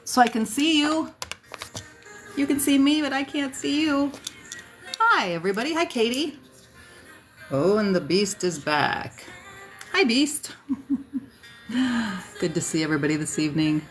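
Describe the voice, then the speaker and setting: A woman's voice: mid-range voice, expressive, unhurried, long pauses. A woman from South Dakota hosting a casual livestream, greeting viewers by name and chatting with fillers and asides, a bit tired at the end of the day. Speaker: livestream host. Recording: faint music behind.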